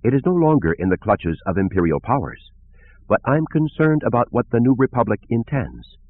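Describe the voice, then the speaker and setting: A man's voice: medium pitch, big pitch swings, normal speed, voice pushed up. A man voicing an earnest woman scientist who speaks in a melodious, pleading way. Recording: tinny phone-like lo-fi audio.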